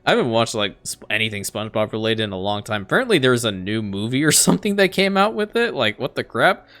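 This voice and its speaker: A man giving casual let's-play commentary on a strategy game, excitable, talking to the game characters and laughing often. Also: mid-range voice, fast talker, soft background music. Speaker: gaming YouTuber.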